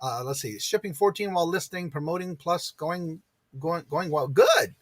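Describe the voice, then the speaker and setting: A man hosts a casual morning live stream, his voice sitting fairly high for a man. He chats easily and greets each viewer by name. The sound is dry and close, with no room echo. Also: moderate pace.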